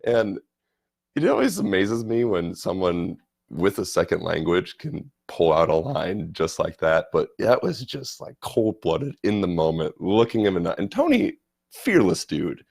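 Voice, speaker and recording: Gravelly low-voiced man telling a story. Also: measured pace, no echo, studio quality. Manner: animated, repeats words and restarts often. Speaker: vlogger telling a travel story. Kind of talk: casual storytelling.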